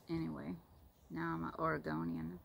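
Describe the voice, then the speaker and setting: A woman's voice: deep voice, vocal fry, a little hiss or hum, low-quality recording. A woman from Florida with a Southern US accent, chatting casually and rambling, cooing at her pet. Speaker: vlogger. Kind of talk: casual chat.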